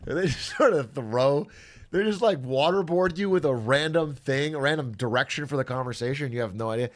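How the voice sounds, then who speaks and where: A man's voice: mid-range voice, fairly quick. A young man chatting casually on his stream, sarcastic and laughing often.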